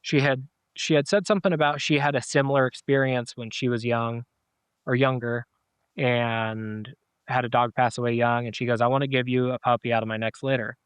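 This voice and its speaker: Middle-aged man, podcast guest, rambling storyteller with lots of "uh"s and restarts; smooth voice, dry close sound. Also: medium pitch, fairly even intonation, a little fast, no echo. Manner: rambling, with many fillers and restarts. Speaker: podcast guest, dog owner. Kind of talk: casual storytelling interview.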